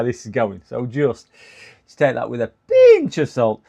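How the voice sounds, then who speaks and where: Male livestream host, casual rambling chat, voice going hoarse. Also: mid-range voice, huge pitch swings, normal speed. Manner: chatty, rambling, laughs at his own jokes. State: voice going hoarse, clearing throat. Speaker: livestream host repairing computers. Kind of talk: casual live-stream chat.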